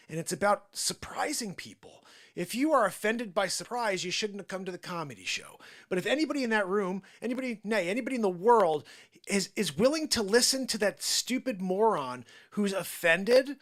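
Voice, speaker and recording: Man, middle-aged, live show host, high-pitched, loud rants, quiet asides, mocking put-on voices. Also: animated, normal speed. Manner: swings between loud ranting and low muttered asides; does mocking put-on voices and mock Spanish. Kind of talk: animated improvised monologue.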